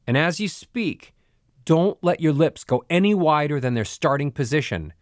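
A man coaching voice technique with a lively, rising-and-falling delivery. He talks the listener through exercises and demonstrates the sounds himself. The recording is close and dry, with no room sound. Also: a little high, normal speed, no echo. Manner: animated, demonstrates sounds aloud. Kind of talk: instructional voice lesson.

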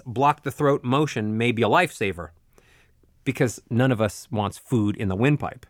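A man's voice: a little high, a bit bright, no echo. Man coaching voice exercises, dry close sound. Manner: clear, patient step-by-step explaining. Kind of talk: spoken instruction with vocal exercises.

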